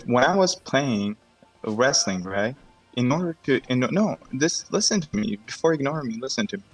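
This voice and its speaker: A man in an online debate, talking in a halting, insistent way. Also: medium pitch, husky, poor audio. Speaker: debate participant.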